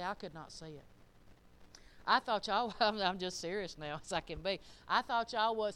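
A church speaker, a woman with a mid-range voice that sounds pushed and bright yet clean, preaches an informal sermon. She's folksy, addresses her congregation directly, and keeps asking them questions.

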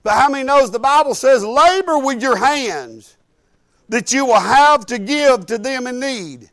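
High-voiced man telling a sermon story. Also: animated, unhurried, a bit bright. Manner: folksy, rambling, repeats "I said".

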